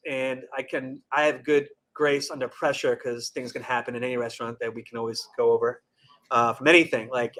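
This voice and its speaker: This man, a restaurant general manager, has a mid-range voice with a bit of brightness. Chatting casually in an interview, he tells rambling stories and performs what customers said.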